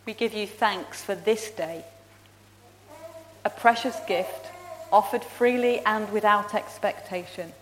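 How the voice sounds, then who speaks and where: A woman minister leading prayer and telling a Bible story with a measured, expressive delivery. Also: mid-range voice, slight background noise. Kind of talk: sermon with prayer and children's story. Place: church. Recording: long reverb in a large hall.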